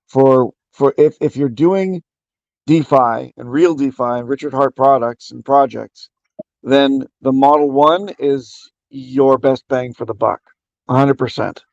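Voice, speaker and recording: A man's voice: mid-range voice, dry recording, dull audio. A man talking in a casual online voice chat, making his case at length and restarting his sentences as he goes. His voice is dry and close to the mic, with no room sound around it. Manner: opinionated, explains at length with restarts.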